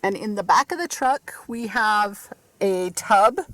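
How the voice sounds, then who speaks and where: A woman's voice: mid-range voice, lively intonation, slow, a bit bright. A woman narrating a casual vlog about work at her cabin, talking in a chatty way with many fillers. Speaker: vlogger. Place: snowy cabin, indoors and out. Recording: noisy camera audio.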